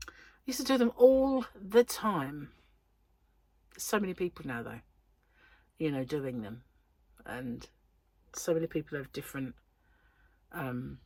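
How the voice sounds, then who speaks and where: Casual crochet vlog chat from a woman in England whose voice sits on the low side. She rambles with plenty of ums while her throat remains a bit sore, and the recording is dry.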